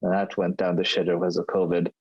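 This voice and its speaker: A man with a fairly low voice, co-hosting a casual review podcast. He rambles loosely, restarting his sentences as he thinks aloud. The sound is close and dry, with no room around it. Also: fast, slightly rough, no echo, muffled recording. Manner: relaxed, rambling, with frequent restarts. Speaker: podcast co-host.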